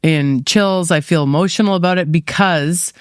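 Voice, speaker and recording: A middle-aged woman, a mindset coach, speaks as a podcast guest in a candid interview, earnest and openly emotional with lots of fillers. Her fairly low voice is clear and resonant at a moderate pace, in a dry, clean studio recording.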